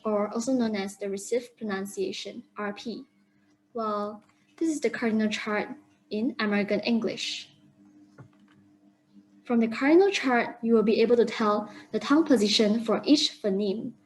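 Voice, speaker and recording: A young woman student giving a careful classroom presentation, slowly sounding out example words. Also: fairly high pitch, a little hiss or hum, low-quality recording. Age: young adult. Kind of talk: classroom presentation on English vowels.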